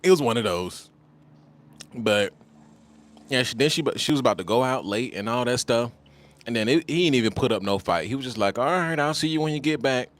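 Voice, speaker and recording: A man telling a personal story in a casual monologue, animated and repetitive, often calling the listener "bro". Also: medium pitch, fairly quick, pauses often. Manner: animated, repeats phrases, addresses listeners as bro.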